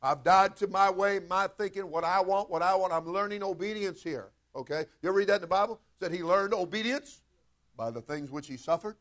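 High-voiced preacher man, fervent sermon. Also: a little fast, fairly bright tone. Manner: fervent, conversational preaching with repeated asides to the congregation. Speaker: pastor.

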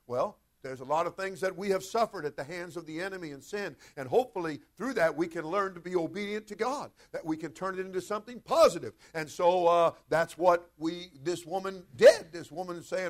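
A man's voice: high-pitched, expressive, brisk, few pauses, fairly bright tone. A male pastor preaching a sermon in a fervent, conversational way, often turning to speak straight to his congregation.

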